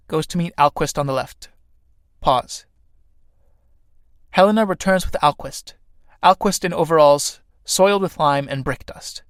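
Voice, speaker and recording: A man's voice: on the high side, fairly quick, dry recording, studio quality. Man reading stage directions aloud. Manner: even, reads stage directions. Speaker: narrator. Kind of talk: audiobook play reading.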